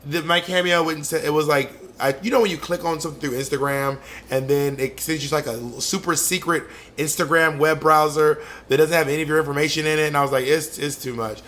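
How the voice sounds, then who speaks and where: Podcast guy teasing his cohost, bright sharp voice, kinda high. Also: fairly even intonation, a little fast, hardly any pauses, slight background noise. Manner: teasing and playful, gives advice. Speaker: podcast co-host. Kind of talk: casual chat.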